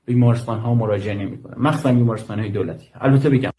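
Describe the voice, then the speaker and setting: A man from Iran working in medical aid, speaking in a measured way and deliberately repeating key points in a played clip. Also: on the low side, warm tone, poor audio. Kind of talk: recorded statement in a played clip.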